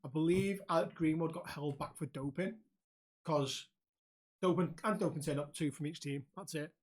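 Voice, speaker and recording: A man's voice: on the high side, normal speed. A young man co-hosting a casual podcast chat, telling anecdotes with frequent laughter and swearing. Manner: animated storyteller, laughs often, swears freely. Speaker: podcast co-host.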